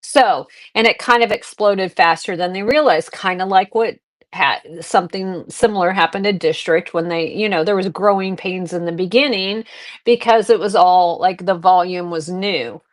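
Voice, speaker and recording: Rambling, lower-voiced woman live-stream host. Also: moderate pace. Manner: rambling anecdotes, restarts and fillers, talks to viewers. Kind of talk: casual chat on a live stream.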